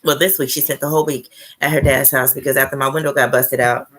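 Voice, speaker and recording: Speaking fast in a steady bass voice with a fairly bright tone, this woman in her thirties shares a personal story straight to the camera as a spiritual vlogger. Her delivery is emphatic and profane, and she keeps checking in with viewers, tossing out "right?" or "okay?" almost every phrase.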